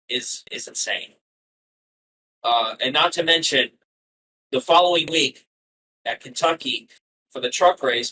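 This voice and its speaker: A man's voice: mid-range voice, bright, forceful tone, low-quality recording. A man in his twenties co-hosting a casual motorsport podcast, talking earnestly and conversationally. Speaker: podcast co-host.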